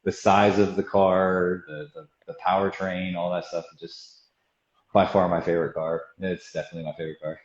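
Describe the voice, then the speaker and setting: A man's voice: low voice, fairly even intonation, moderate pace. A man, a guest auto body technician, telling stories from the shop in a casual, rambling way and laughing often. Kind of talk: casual storytelling chat. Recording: roomy, dull lo-fi sound.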